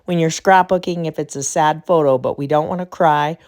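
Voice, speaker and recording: A woman's voice: low-pitched, steady tone, brisk, darkish tone. A middle-aged woman hosting a crafting channel, chatting through her choices in a casual step-by-step tutorial. Her voice is still recovering from an illness.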